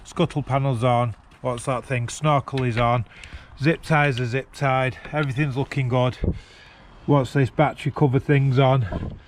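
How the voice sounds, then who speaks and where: An unhurried car vlogger with a medium-pitched, steady voice chats bluntly and swears while working on a car beside the road. The handheld gimbal camera picks up a little hiss or hum.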